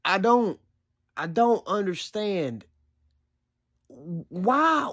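A woman's voice: mid-range voice, very animated, moderate pace, fairly bright tone. Incredulous swearing woman reacting. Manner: incredulous, swearing, laughing between remarks. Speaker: reaction video host. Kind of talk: casual reaction commentary.

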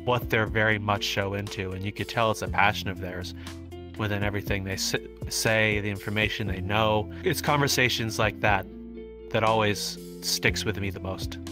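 Lowish-voiced reflective man over music. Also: fairly even intonation, moderate pace. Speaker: co-host of interview show. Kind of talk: casual chat.

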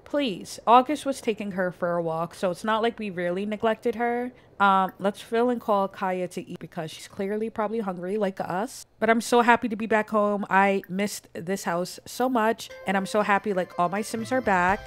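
A woman's voice: medium pitch, moderate pace, few pauses, faint music behind. A young woman giving chatty, casual commentary over a life-simulation game, with plenty of "like" and "um". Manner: chatty, fills talk with "like" and "um". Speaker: gameplay commentator. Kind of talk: casual let's-play commentary.

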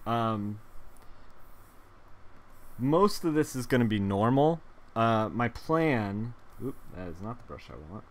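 A man of middle pitch talks loosely while he paints on a live stream. He wanders between thoughts, fills gaps with "um" and "like", and laughs at his own asides. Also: expressive, a little slow. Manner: rambling, filler-heavy, laughs at his own jokes. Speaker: digital artist streaming a painting session.

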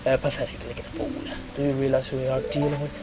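A man's voice: mid-range voice, fast talker, over music, lightly acted. A man reading a male villain king's lines from a video game in his own plain voice. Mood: taunting. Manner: reads lines flatly, barely acting. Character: menacing male villain king, grown man.

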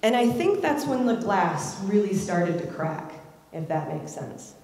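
A woman in her thirties from Ohio gives a candid, reflective personal story at a community event, speaking a little slowly in a sing-song, mid-range voice with a darkish tone. She acts out quoted voices, and the large event hall adds long, echoey reverb.

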